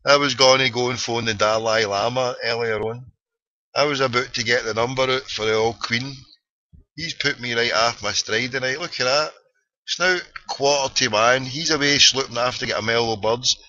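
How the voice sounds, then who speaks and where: A man's voice: mid-range voice, steady tone, normal speed, pushed and bright. A Scottish man hosting a late-night internet radio show, ranting and joking in slangy banter. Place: small cold room at home. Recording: dull lo-fi online radio stream.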